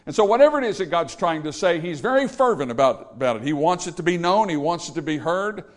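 A man's voice: a little high, animated, fast talker. A man preaching a sermon to a congregation, emphatic and full of rhetorical questions. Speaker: pastor. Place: church service.

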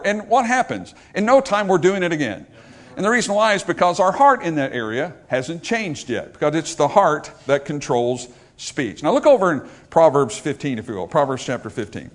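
Lively joking male preacher. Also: a little high, a little fast. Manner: lively, joking, asks the congregation questions. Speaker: pastor. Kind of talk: sermon.

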